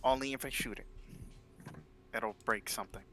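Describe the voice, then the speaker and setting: A man playing a tabletop role-playing game, animated and laughing often as he describes and voices his character. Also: mid-range voice, normal speed. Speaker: player.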